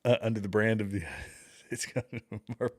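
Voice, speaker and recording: A man's voice: lowish voice, little pitch movement, normal speed. A middle-aged man hosting a livestream, chatting casually with viewers, rambling and chuckling at clips. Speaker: livestream host.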